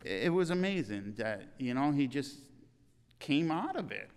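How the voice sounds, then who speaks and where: An older man delivers a eulogy in a church, his voice smooth and resonant. The reading is earnest and halting, with small restarts, and a long reverb trails each phrase through the hall. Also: medium pitch, sing-song, darkish tone.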